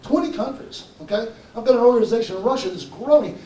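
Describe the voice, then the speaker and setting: At a live conference, a fairly high-voiced presenter speaks fast and animatedly, his tone warm, mellow and persuasive. He checks in with the crowd again and again, and the sound is roomy and distant, as if recorded from across the hall.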